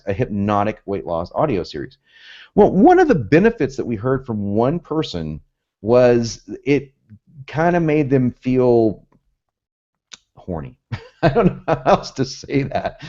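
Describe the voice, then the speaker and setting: Animated chatty man, lo-fi audio. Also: mid-range voice. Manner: animated, chatty, laughs often, acts out quoted lines. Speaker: copywriting teacher. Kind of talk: casual instructional talk. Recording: dull lo-fi audio.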